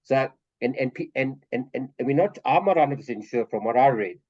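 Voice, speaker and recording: A man's voice: mid-range voice, lively intonation, normal speed, a little mellow. Man, hesitant, repeats words, thinking aloud, study group participant, dull call audio.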